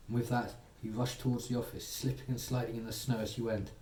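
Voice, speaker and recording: Man softly telling a bedtime story. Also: medium pitch, flat delivery, fast talker, hardly any pauses, slight background noise. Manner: soothing, gently voicing characters. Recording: echoey room, distant mic, faint ambience.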